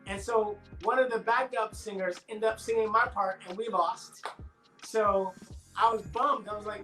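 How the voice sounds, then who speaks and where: A middle-aged man talks as a guest in a relaxed, chatty interview. He acts out the dialogue of the people in his stories with plenty of energy. His voice rings in an echoey room over a video call, with faint music underneath. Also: high-pitched, normal speed. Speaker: actor guest. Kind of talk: casual interview storytelling.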